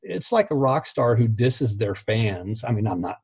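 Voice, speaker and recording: A man's voice: mid-range voice, big pitch swings, a little slow, background noise. A laid-back man, a guest on a podcast interview, chatting casually and laughing often. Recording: dull, muffled recording.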